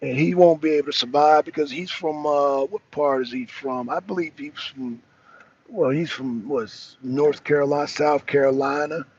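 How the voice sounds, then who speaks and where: Male host, slightly high voice, emphatic and repetitive, addresses the chat directly; dull lo-fi audio. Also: moderate pace, darkish tone, breathy edge. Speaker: talk show host. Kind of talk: casual political commentary livestream.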